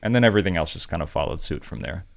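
Austrian-born guy on a video call, really deep voice, calm and measured, lots of you know. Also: gravelly. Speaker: guest actor and comedian. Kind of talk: casual interview chat.

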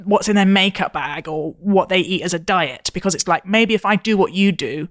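A woman hosting a podcast, chatty and animated, given to long self-interrupting interjections. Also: on the low side, normal speed. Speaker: podcast host. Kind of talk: podcast conversation.

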